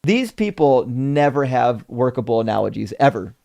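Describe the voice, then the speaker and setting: Gravelly man hosting a live stream, profane and animated, reading out viewer chats. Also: medium pitch, moderate pace. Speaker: debate stream host reading super chats. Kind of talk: casual live-stream chat.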